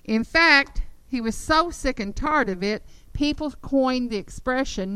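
A woman teaching the Bible to a group in an animated, emphatic storytelling manner. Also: high-pitched, a little slow, few pauses, clear, resonant tone, dry recording, poor audio.

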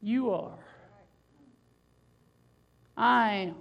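A woman preaching a sermon, building emphasis with loud swells and slow, drawn-out phrases. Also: medium pitch, vocal fry, dull audio.

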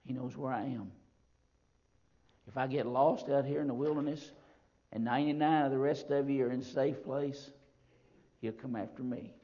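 A man preaching a sermon, slow and emphatic, swinging from loud declarations to quiet reflection. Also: mid-range voice, fairly even intonation, dull audio. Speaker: pastor.

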